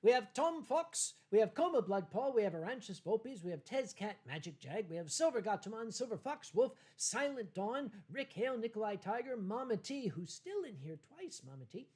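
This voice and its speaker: A tipsy man hosting a casual livestream from home, rambling and halting through viewer comments with many fillers and restarts. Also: high voice, big pitch swings, a little mellow, husky. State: tipsy from wine. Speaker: livestream host.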